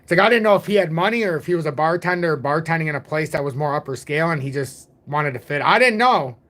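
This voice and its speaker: A man's voice: on the high side, lively intonation, fast talker, a bit bright. A man in his forties hosting a casual crypto livestream, rambling and joking at his own expense. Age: 40s. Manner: rambling, jokey, self-deprecating. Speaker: crypto channel host.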